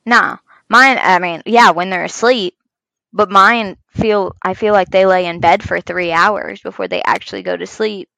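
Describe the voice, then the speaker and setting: Podcast co-host, woman in her 30s, gravelly voice, swears a lot, close and dry. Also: medium pitch, unhurried, dry recording, low-quality recording. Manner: swears a lot, animated storytelling. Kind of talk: casual chat.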